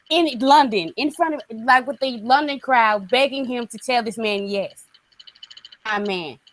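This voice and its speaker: A woman's voice: on the high side, no echo, low-quality recording. A woman co-hosting a casual wrestling podcast, ranting bluntly and swearing freely. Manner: blunt, profane, animated ranting. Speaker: podcast co-host.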